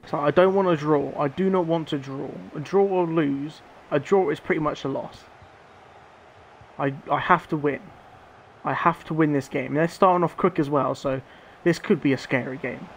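Young streamer, excitable live game commentary, slightly higher voice, faint hiss behind. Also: male voice, moderate pace. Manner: excitable, shouts at players, swears. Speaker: gaming streamer.

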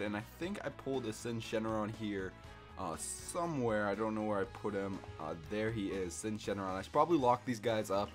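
A young man commenting on his mobile game summons, hyped and shouting when rare cards drop, a little out of breath. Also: fairly low pitch. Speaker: gaming YouTuber. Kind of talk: excited gacha summon commentary.

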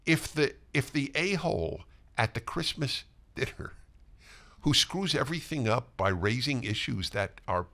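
An older man co-hosts a casual talk show, his voice lively and swinging widely in pitch. He tells stories with a bright, forceful edge, often restarting and repeating his words as he goes. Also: a little slow. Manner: animated storyteller, frequent restarts and repetitions. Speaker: co-host.

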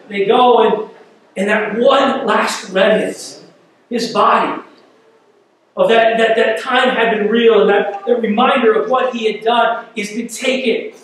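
His voice sits high and a bit bright, with slight background noise, as he preaches a sermon as pastor. He vividly retells a scripture story and repeats words to raise the intensity. Recorded at a distance, the church hall echoes around him.

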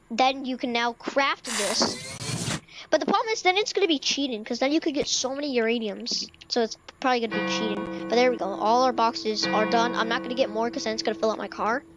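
High-voiced young woman rambling over gameplay. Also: poor audio. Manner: rambling, stammers, many fillers. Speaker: gaming YouTuber. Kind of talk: casual let's-play commentary. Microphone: desk microphone.

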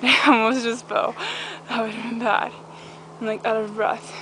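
A woman's voice: fairly high pitch, level tone, normal speed, a crowd in the background. A young woman chatting casually in a vlog from a backyard trampoline, rambling and giggly, with a dog barking nearby. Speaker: vlogger. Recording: noisy outdoor camcorder audio. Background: outdoor ambience with a dog barking.

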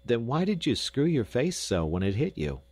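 A man's voice: medium pitch, big pitch swings, moderate pace, a little mellow, husky, dry recording, pitched above the performer's own voice. A man voicing a mischievous English boy who needles his friend in a mocking tone, for an audiobook. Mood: teasing. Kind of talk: audiobook character voice.

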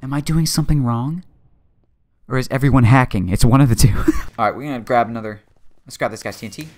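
A man's voice: medium pitch, fast talker, a little mellow. Joking young man narrating his game.

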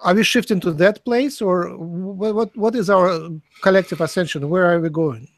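A man's voice: sits high, normal speed, dry recording. Hesitant man asking questions, dry sound. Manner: searching, hesitant, with restarts and a light laugh. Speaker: interviewer. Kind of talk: conversational questioning.

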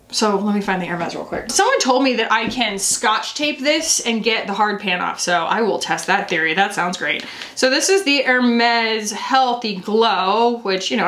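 A woman chatting casually as a beauty vlogger, animated and often laughing, alone in a room talking to a camera. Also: mid-range voice, roomy sound. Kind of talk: casual makeup review vlog.

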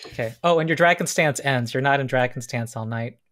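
A man running a tabletop role-playing session as game master, explaining rules in a relaxed way and reading scene descriptions slowly. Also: mid-range voice.

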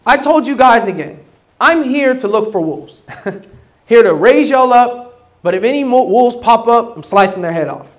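Man, pastor, high-pitched, animated preaching, casual slang, loud bursts and low asides. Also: normal speed. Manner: casual slang, acts out quoted voices. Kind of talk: sermon.

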